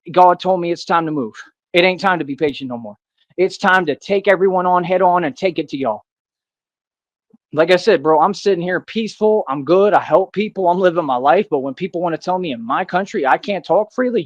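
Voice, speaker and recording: American guy ranting, cocky and in your face, keeps repeating himself, voice kinda high, dry sound. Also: dry recording. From United States. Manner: defiant, boastful, confrontational, repeats himself. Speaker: self-styled vigilante. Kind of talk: ranting monologue to camera.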